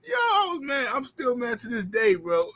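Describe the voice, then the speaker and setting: A man's voice: very high-pitched, sharp tone, poor audio. A man hosting a boxing livestream, rambling in slangy casual chat and filling it with "you know what I'm saying.".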